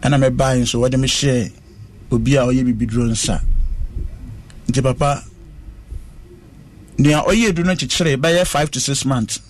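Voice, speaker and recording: Man, interviewee, slow earnest storytelling, mid-pitched voice. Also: fairly even intonation. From West Africa. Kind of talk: recounting a personal ordeal in conversation.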